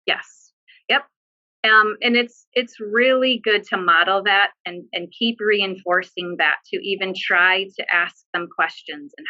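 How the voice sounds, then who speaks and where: Woman social worker talking straight and earnest, lots of ums, bright edge, a bit muffled lo-fi audio. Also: medium pitch, moderate pace. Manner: earnest, direct, with frequent fillers. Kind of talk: webinar discussion, giving advice.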